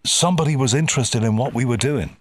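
A man's voice: medium pitch, fast talker. A man hosting an interview podcast, talking casually with frequent restarts and effusive thanks. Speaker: podcast host.

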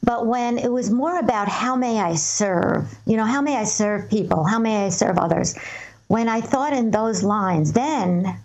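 A woman, a guest medium, answering interview questions and telling stories in a calm, earnest, measured way. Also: fairly high pitch.

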